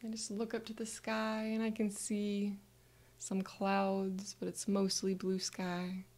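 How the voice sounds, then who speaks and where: A woman narrating a calm guided visualization in the first person, speaking softly and sometimes slipping into breathy whispers. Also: mid-range voice, slow pace.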